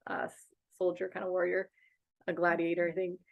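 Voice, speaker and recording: A woman's voice: lowish voice, level tone, fairly quick, vocal fry, phone-quality sound. A woman speaking as a guest in a casual interview over a video call, earnest and outspoken, a bereaved mother and advocate.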